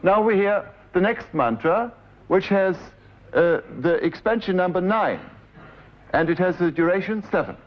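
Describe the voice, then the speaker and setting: German-accented man directing musicians, fairly high voice. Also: expressive, measured pace. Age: 40s. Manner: explains step by step, directs players, hums and sings example phrases. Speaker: composer giving a lecture. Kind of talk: lecture with live musical demonstration. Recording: dull 1970s lecture recording. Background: faint piano music.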